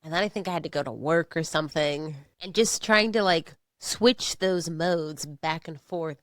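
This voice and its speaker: A woman's voice: deep voice, normal speed, no echo, studio quality. A woman co-hosting a podcast, talking candidly and expressively, often laughing through hard subjects. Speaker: podcast co-host. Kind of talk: casual podcast chat.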